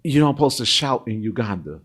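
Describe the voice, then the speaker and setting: Animated African-American man telling stories. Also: medium pitch, fairly quick. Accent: African-American English. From United States. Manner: animated, laughs often, acts out quoted voices. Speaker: interview guest. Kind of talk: casual storytelling interview.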